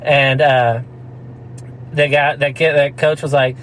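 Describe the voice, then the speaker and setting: A man's voice: a little high, level tone, moderate pace, a little hiss or hum, low-quality recording. A man telling a rambling story in casual chat, laughing often and slipping into mock voices. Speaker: podcast co-host.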